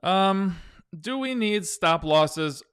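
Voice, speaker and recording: A man hosting a live stock-trading stream talks loosely through viewer questions in casual chart analysis, restarting sentences often. His voice sits high and sounds animated, with drawn-out words and a fairly bright, clear, resonant tone.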